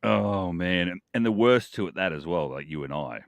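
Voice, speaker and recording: A man's voice: deep voice, expressive, normal speed, gravelly, dry recording. A man with an Australian accent co-hosting a podcast, joking in a laid-back, chuckling way. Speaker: podcast co-host. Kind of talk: casual live podcast banter.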